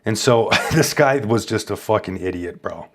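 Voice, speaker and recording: Man, streamer host, casual storytelling, boastful, profane, rambling, fairly low voice. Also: animated, moderate pace.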